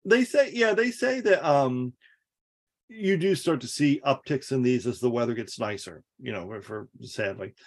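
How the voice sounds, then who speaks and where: A man's voice: mid-range voice, expressive, normal speed. A man co-hosting a podcast, chatting casually and sarcastically about politics and swearing freely. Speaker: podcast co-host.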